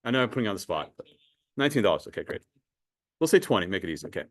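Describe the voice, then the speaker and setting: A man's voice: lowish voice, very animated, very fast, no room sound, clean studio sound. A man teaching a math class in a conversational way, asking students questions and often repeating words. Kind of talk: classroom lecture.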